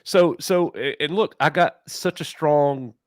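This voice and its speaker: A man co-hosting a casual review chat, animated and mocking, with exaggerated reactions. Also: on the high side, measured pace, no echo, clean studio sound. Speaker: co-host of a TV review show.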